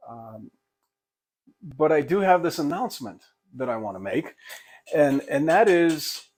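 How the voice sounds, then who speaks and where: A man's voice: fairly high pitch, lively intonation, measured pace, darkish tone. An older man, a pastor and hobby woodworker, talking casually to camera in a rambling, folksy, self-deprecating way with many restarts.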